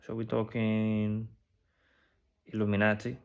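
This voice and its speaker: A man giving casual, speculative commentary on a video, musing through a list of phrases with many pauses and frequent "you know" and "right?" asides. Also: on the low side, monotone, creaky, narrow, tinny audio. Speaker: video creator decoding an advertisement.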